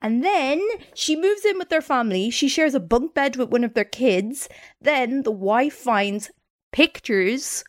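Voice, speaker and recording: A woman's voice: high-pitched, measured pace. A woman co-hosting a comedy podcast who tells a story at length and acts out the quotes in it. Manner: animated narration with acted-out quotes. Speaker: co-host.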